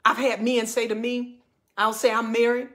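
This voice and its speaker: A woman's voice: level tone, moderate pace. Fervent woman preaching to couples. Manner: fervent and emphatic, swinging from loud reading to low earnest talk. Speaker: marriage coach. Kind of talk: preaching talk to married couples.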